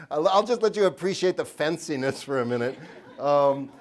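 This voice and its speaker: A man's voice: on the high side, lively intonation, normal speed, a little hiss or hum. Joking man giving a funny lecture. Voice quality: joking, self-mocking, laughs often between lines. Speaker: children's book author giving a talk. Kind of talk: humorous lecture to an audience. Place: lecture hall at a university event.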